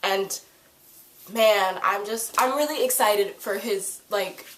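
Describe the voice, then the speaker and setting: Excitable woman reviewing TV, echoey room. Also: medium pitch, takes it slowly, a little hiss or hum. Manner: excitable, gushing, swears freely. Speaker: TV episode reviewer. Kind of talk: casual fan review.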